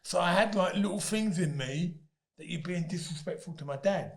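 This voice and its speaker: A man's voice: sits high, normal speed. A man, a guest telling stories animatedly and often breaking into laughter. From Britain. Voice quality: laughs often mid-story, loud emphatic bursts. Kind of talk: animated storytelling.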